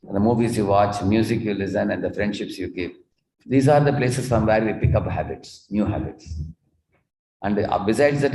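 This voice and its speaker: A man's voice: on the low side, a little mellow, slight background noise. A man giving a spiritual talk with slides to a gathered audience, explaining and telling stories and asking rhetorical questions. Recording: echoey hall.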